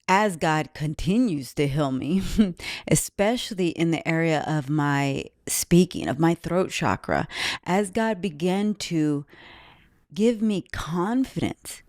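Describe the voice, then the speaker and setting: A woman's voice: fairly low pitch, darkish tone, dry recording, studio quality. A woman podcast host giving an earnest, reflective, faith-based talk about her own life.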